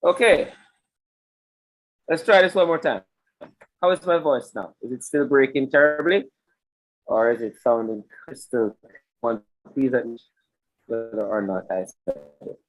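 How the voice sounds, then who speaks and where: Speaking a little slowly and pausing often, a webinar host with a medium-pitched voice chats and improvises his way through technical problems. The poor, broken-up call audio comes from a computer mic on a video call during this live online session.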